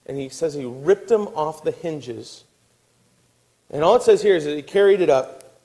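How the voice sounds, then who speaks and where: A man preaching a sermon, telling a story with acted-out quotes and dropping to a hushed, weary tone. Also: a little high, normal speed, rough recording. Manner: animated storytelling, acting out quotes, dropping to a soft hush. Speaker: pastor.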